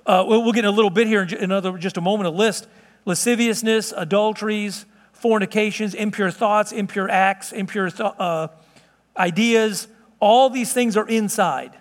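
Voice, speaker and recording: A man's voice: high-pitched, fairly even intonation, moderate pace. A middle-aged man preaching a sermon to his congregation as pastor, talking in a loose, conversational way with frequent restarts. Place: church sanctuary. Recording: long reverb of a church hall.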